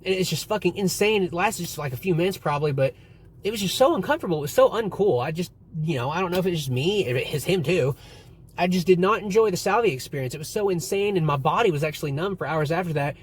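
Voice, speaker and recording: His voice sits high and moves fast, with a breathy edge, as this young man tells a rambling story to camera. He swears constantly and recounts things in an animated way.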